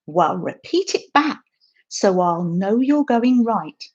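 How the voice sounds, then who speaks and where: A woman's voice: mid-range voice, lively intonation, slow, darkish tone, dull audio, voice pushed down. A woman reading aloud as a chatty local man who gives long, overly detailed road directions in a folksy, rambling way. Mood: instructive.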